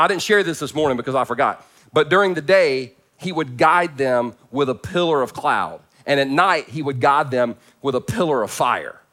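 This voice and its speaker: A man preaching a sermon to his church congregation, conversational and joking, swinging from loud emphasis down to hushed, quiet lines. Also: medium pitch. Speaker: pastor.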